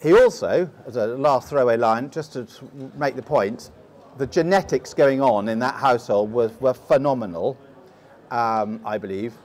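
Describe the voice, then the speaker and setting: A middle-aged explorer from England, with a posh English accent, appears as a guest in a storytelling interview, spinning long tales and often restarting his sentences. His mid-range voice is a little mellow and moves at a moderate pace.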